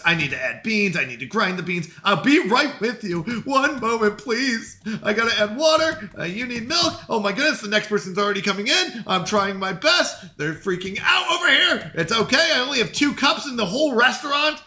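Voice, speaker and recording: A man's voice: sits high, expressive, normal speed, few pauses, sharp tone, faint music behind. A man with a Canadian accent, chatting frantically to himself and his stream while playing a game. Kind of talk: live-stream gameplay chat.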